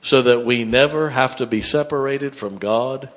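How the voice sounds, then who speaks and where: A man preaching a sermon, dropping to hushed tones and rising to loud emphatic bursts. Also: medium pitch, normal speed. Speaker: pastor.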